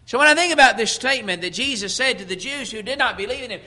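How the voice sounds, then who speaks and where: A man preaching a sermon, emphatic, slowing down when quoting Scripture and often repeating words as he restarts. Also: very high voice, animated, sharp tone.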